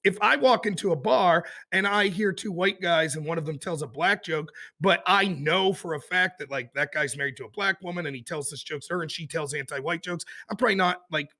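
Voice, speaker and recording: A man's voice: a little high, fairly quick, hardly any pauses, bright, forceful tone. A man arguing his point loosely in a casual online debate, with some swearing. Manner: loose, profane, argumentative. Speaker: debate participant.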